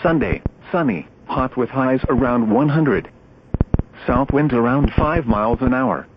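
A synthetic male announcer reads out an automated weather broadcast, every phrase clipped and set apart from the next. The sound is dull and lo-fi, carried over a radio signal with a loud hiss of static underneath. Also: medium pitch, very animated, unhurried, vocal fry. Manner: clipped, evenly spaced computer-read phrases.

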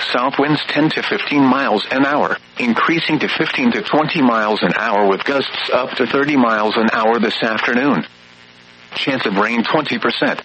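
A man's voice: medium pitch, fairly bright tone, slight background noise, poor audio. A synthetic male voice giving an automated weather radio readout, listing readings and forecasts in clipped, evenly paced phrases.

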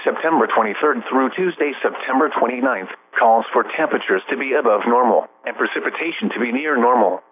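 Tinny-sounding male weather radio announcer. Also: medium pitch. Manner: steady, measured, list-like reading. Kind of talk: automated weather broadcast reading. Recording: tinny weather radio broadcast with faint hum.

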